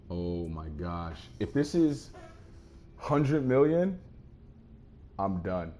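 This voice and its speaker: A man's voice: deep voice, sing-song, slow, pauses often, warm tone, slight background noise. A man casually chatting with viewers while he plays a game live, easygoing and rambling as he answers their comments. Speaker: streamer playing a game live.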